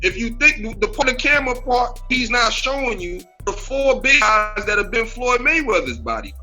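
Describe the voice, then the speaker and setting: Bright high-voiced man debating emphatically. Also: big pitch swings, normal speed, faint music behind. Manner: emphatic, repetitive restarts. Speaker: podcast co-host. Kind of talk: casual debate on a podcast.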